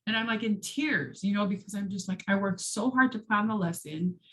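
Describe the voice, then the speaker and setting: A woman's voice: brisk, low-quality recording. A woman hosting a casual chat, telling stories and acting out quoted lines with big jumps in her voice. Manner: animated storyteller, acts out quotes with big pitch jumps. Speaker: host.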